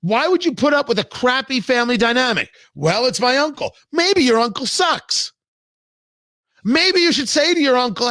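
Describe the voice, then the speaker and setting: A man's voice: very high-pitched, expressive, normal speed, sharp tone, no echo, clean studio sound. A middle-aged man hosting a talk show, delivering an emphatic, sarcastic monologue and acting out imagined conversations. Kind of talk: opinionated talk radio monologue.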